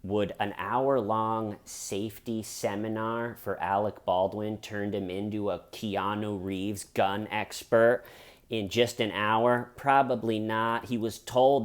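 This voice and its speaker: Man, sarcastic true crime commentator, low voice, jokey. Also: steady tone, measured pace.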